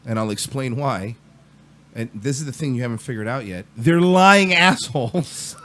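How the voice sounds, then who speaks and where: A man's voice: mid-range voice, moderate pace, fairly bright tone. A man co-hosting a podcast, chiming in with mocking, sarcastic jabs in casual commentary. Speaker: podcast co-host.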